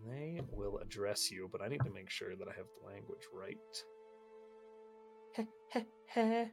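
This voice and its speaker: A man's voice: on the low side, fairly quick, creaky, music in the background. A man running a tabletop game as dungeon master, describing the scene with fillers and easy laughs.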